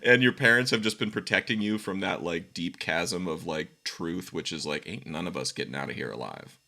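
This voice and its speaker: A man hosting a call-in conversation, talking reflectively and with empathy, with soft laughs now and then. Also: deep voice, normal speed, vocal fry.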